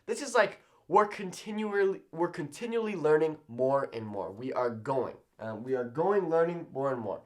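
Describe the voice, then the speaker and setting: A man teaching a Spanish lesson at a whiteboard, checking in with "okay?" after nearly every point and slowing down on example phrases. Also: on the high side. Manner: animated, repeats "okay?" often, slows down on example phrases. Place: classroom-style room with whiteboard.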